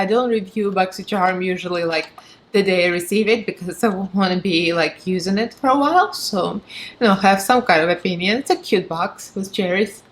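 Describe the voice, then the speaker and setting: Chatty Russian-accented woman reviewing products. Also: medium pitch. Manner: chatty, frank and sarcastic, laughs often. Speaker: beauty vlogger.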